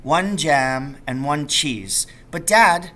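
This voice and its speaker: A man's voice: a little high, expressive, slow pace, sharp tone, pitched above the performer's own voice, full character voice. A male teacher voicing an eager, curious young boy in a storybook reading who keeps pressing with questions.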